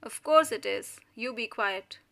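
A woman's voice: on the high side, unhurried, sharp tone. A woman voicing a domineering middle-aged mother who speaks sharply and severely, raising her voice to scold her family. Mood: severe, commanding.

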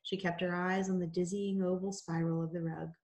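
A woman teacher reads a novel aloud to her students in a measured, unhurried way. Her voice sits on the low side. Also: level tone, darkish tone.

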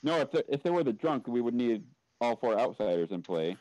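A man's voice: medium pitch, big pitch swings, fairly quick, a little mellow, no room sound, poor audio. A man playing a social deduction game, thinking aloud with restarts.

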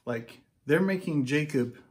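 A man preaching a casual, conversational sermon, reading scripture aloud and breaking into animated asides. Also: fairly high pitch, unhurried.

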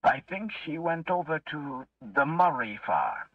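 A man's voice: a little high, animated, slow, dry recording, pitched above the performer's own voice. A man voicing a lonely, confused old man who insists his late wife is still alive, heard on a muffled recording from a distance. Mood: pleading insistent.

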